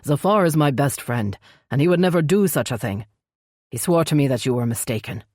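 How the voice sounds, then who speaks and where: Woman doing a gruff elf prince, stern and curt, very low, dry close audiobook sound. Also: animated, brisk, darkish tone, dry recording. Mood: angry. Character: brooding male elf crown prince, stern.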